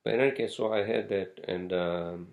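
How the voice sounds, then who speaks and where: A man's voice: lowish voice, normal speed, creaky, a little mellow. A man hosting a casual solo podcast, rambling from topic to topic with frequent swearing and fillers. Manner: rambling, profane, many fillers and asides. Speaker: podcast host.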